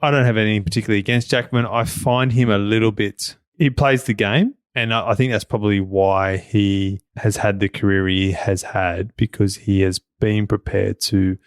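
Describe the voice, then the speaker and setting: A man's voice: fairly low pitch, fairly even intonation, moderate pace, hardly any pauses, clear, resonant tone, no echo, clean studio sound. A man co-hosting a casual podcast, joking and teasing with wry asides. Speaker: podcast co-host. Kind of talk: casual conversational podcast chat.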